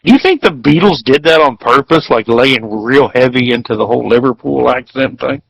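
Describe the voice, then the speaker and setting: A man co-hosts a casual podcast, talking loosely and leaning on fillers. His voice is husky and mid-pitched. It is recorded dry and close. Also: fairly quick, a bit bright, no echo, low-quality recording. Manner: loose, full of fillers like "you know". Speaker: podcast co-host. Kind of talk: casual chat.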